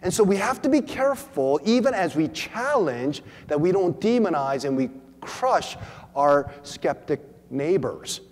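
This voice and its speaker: Male preacher, fairly high voice, animated teaching talk with stumbles and repeats, long hall reverb. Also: measured pace. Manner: animated, repeats words, acts out quoted voices.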